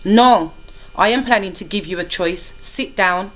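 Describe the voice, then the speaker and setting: A woman's voice: medium pitch, a little slow, a bit bright, lightly acted. A woman putting on a smug French commissioner. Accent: put-on French. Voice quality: thick accent, smooth and menacing. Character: smug rich French male police commissioner.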